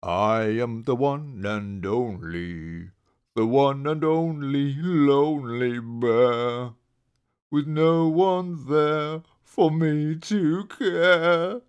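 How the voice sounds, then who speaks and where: A big, gentle, lonely bear from a picture book, voiced by a man reading aloud. He speaks in a deep, friendly voice at an unhurried, drawn-out pace. He sounds kind and never threatening. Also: huge pitch swings, muffled recording, heavily acted. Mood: sad singing. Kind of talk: storybook read-aloud.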